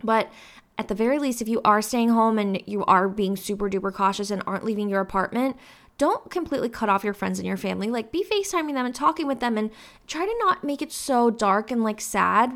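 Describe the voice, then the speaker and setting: A woman in her twenties hosting her own podcast, rambling in a casual, upbeat way with lots of fillers. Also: fairly high pitch. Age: 20s. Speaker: podcast host. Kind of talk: casual solo podcast talk.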